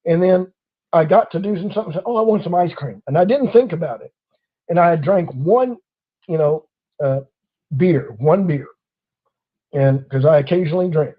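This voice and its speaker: Animated man telling a story. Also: a little high, moderate pace, long pauses, narrow, tinny audio. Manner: animated storyteller acting out quoted officers. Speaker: host. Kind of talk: casual storytelling chat.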